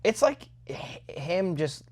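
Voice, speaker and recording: A young man co-hosting a casual movie review podcast, retelling scenes in an animated, jokey way. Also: sits high, slow. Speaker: podcast co-host.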